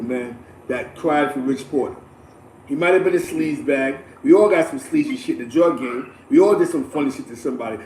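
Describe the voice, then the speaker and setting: A man tells street stories in a loose, animated podcast chat. His voice sits high for a man and he laughs through his tales. The room sounds roomy, with a faint hum behind him. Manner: animated, streetwise, laughing, repeats "you know what I'm saying". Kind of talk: casual storytelling in a podcast.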